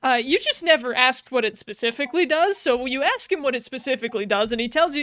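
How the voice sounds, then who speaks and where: A woman's voice: high voice, expressive, fast, hardly any pauses, fairly bright tone, dry recording. A woman hosting a podcast, recapping a video game story in a giggly, rambling way with many fillers. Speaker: podcast host.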